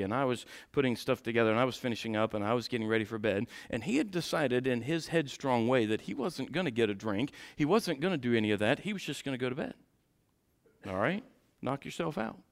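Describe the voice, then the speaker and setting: A man preaching a sermon in a church and telling a personal story in an animated way, laughing along with the congregation. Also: medium pitch. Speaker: pastor. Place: church sanctuary.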